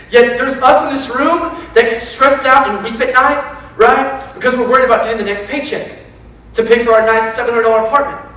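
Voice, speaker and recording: Youth pastor, male, high-pitched, lively casual sermon delivery, echoey church recording picked up from a distance. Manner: animated, talks straight to the crowd with quick asides. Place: church sanctuary.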